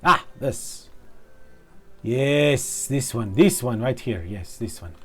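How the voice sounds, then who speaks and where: A man's voice: mid-range voice, animated, slow, breathy edge, faint music behind. A man casually commenting while he plays a building game, mumbling, swearing and cracking jokes about himself, into a clip-on mic. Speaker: game streamer.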